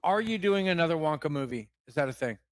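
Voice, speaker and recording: A man's voice: a little high, animated, fast. A man co-hosting a comedic talk show, trading crude jokes and mock-interview questions. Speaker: co-host.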